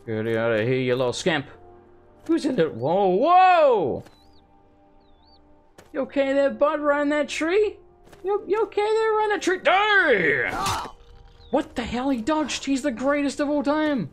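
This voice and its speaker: A man, streaming a live let's play with excitable, sweary commentary and jumpy reactions to the game. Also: extremely high pitch, brisk, soft background music. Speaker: gaming streamer.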